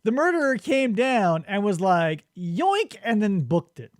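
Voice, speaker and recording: Brief: male podcast co-host, high lively voice, dry close sound, comic riffing. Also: moderate pace, no room sound. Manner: animated, swearing, acts out witness quotes. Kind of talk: casual comedic book discussion.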